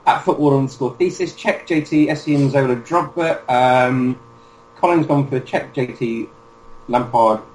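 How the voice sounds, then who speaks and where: A man's voice: medium pitch, unhurried, pauses often, darkish tone. A man hosting a casual football podcast, leading the segment in a laid-back way with frequent fillers. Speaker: podcast host. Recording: echoey room with faint noise.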